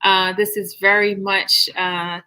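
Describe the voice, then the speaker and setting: A woman's voice: mid-range voice, little pitch movement, slow, sharp tone, smooth, low-quality recording. A woman hosting a casual live online chat, hesitant with many fillers. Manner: emotional, laughing through tears. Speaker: host.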